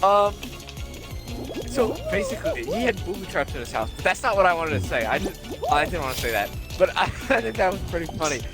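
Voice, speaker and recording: A man's voice: high-pitched, huge pitch swings, a little fast, over music. A young man co-hosting a casual podcast, rambling through a work story with frequent swearing and laughter. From Italian family. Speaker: podcast co-host. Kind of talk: casual chat.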